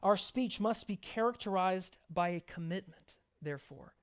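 A man's voice: high-pitched, normal speed, clean tone. A man preaching a sermon, earnest, shifting into chatty asides and playful acted examples. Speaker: pastor.

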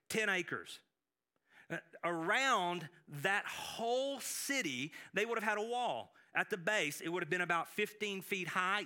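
High bright-voiced preaching man. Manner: animated preaching with many restarts and acted quotes. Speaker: pastor. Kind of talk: sermon.

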